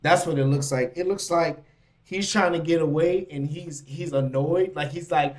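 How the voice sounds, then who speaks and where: A man hosting a casual reaction stream with a slightly high voice. He riffs in loose slang, laughing as he reacts to what he reads. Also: moderate pace. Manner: animated, laughing, slangy asides. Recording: mic.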